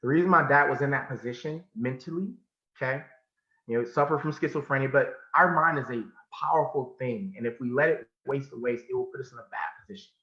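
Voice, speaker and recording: An adult motivational speaker from California tells a personal story, pressing hard on points and then suddenly dropping to a hush. His medium-pitched voice moves fairly quickly, he repeats phrases, and the sound is muffled in an echoey room.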